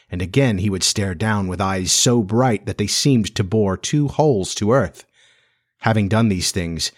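A man reading a storybook aloud as narrator, with measured, even storytelling. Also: lowish voice. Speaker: audiobook narrator.

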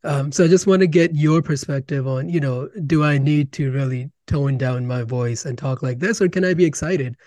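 A man hosting a podcast interview, asking questions in an excitable way and often repeating words as he starts a sentence. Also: medium pitch, moderate pace, few pauses, dry recording. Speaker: podcast host.

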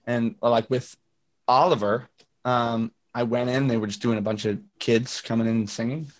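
Guesting on a video call interview, a young singer-songwriter talks at a moderate pace in a medium-pitched voice with fairly even intonation. He's chatty and tells stories, using many fillers and acting out quotes.

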